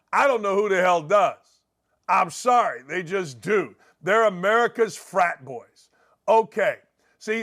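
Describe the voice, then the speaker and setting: A man with a fairly high voice rants as a sports talk host. He is blunt and heated, with profane jabs. He speaks in a hard, opinionated monologue. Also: fairly bright tone. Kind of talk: opinion rant.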